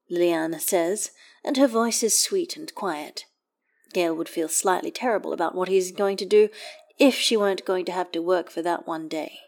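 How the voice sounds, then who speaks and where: A woman narrating fan fiction aloud in a calm, measured storytelling manner. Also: lowish voice, gravelly. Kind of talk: audiobook reading of fan fiction.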